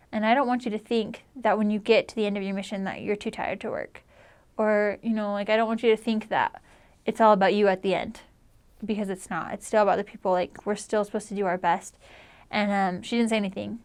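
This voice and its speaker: Earnest young woman telling a story. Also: mid-range voice. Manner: chatty, heavy use of "like", earnest. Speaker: returned missionary. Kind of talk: personal storytelling.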